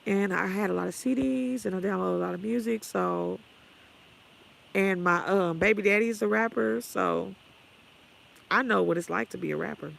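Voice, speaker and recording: A woman's voice: mid-range voice, moderate pace, vocal fry, poor audio. A woman ranting on her livestream, blunt, sassy and trash-talking. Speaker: vlogger. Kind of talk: profane ranting livestream talk.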